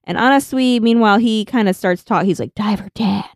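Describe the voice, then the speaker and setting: Animated woman recapping in casual chat. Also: a little high, a little fast, no echo, studio quality. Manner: animated retelling with quoted lines. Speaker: podcast co-host.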